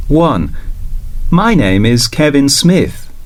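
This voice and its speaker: Slow, lively-pitched man reading dialogue. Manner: slow, deliberate, clearly spelled delivery. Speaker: lesson dialogue reader. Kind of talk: scripted textbook dialogue.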